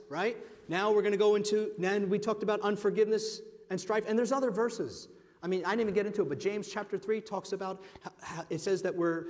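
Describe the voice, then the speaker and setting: High-voiced preaching man, hall reverb. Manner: emphatic preaching, swinging from loud to hushed; addresses the congregation directly as friends. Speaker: pastor. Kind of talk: sermon. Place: church sanctuary.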